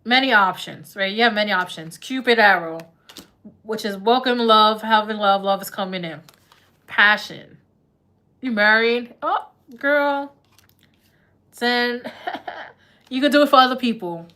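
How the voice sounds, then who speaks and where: Woman, tarot reader, live reading, chatty, laughs a lot, slangy, bright tone. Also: medium pitch, measured pace, pauses often.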